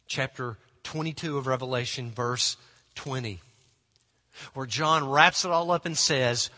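A man preaching a sermon, earnest and emphatic, slowing down and dropping to a hushed, prayerful tone at times. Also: medium pitch, big-room sound.

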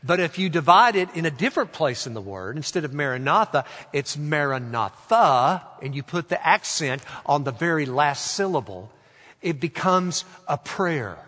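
A man preaching a sermon in a slow, deliberate way, stretching out quoted phrases and letting them fall soft. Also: on the high side, very animated. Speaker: pastor. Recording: long hall reverb.

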